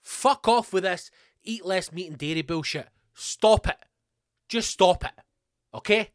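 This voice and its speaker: A man's voice: high-pitched, unhurried, dry recording, clean studio sound. A middle-aged Scottish man hosting a podcast, delivering a profane, angry ranting monologue. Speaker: podcast host.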